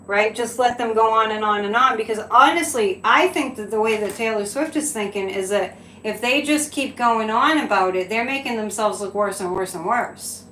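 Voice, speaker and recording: A woman's voice: on the high side, normal speed, few pauses, pushed and bright, a little hiss or hum. A woman hosting a psychic live stream, talking casually with frequent laughs and incredulous asides. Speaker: psychic livestream host. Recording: echoey room with faint ambience.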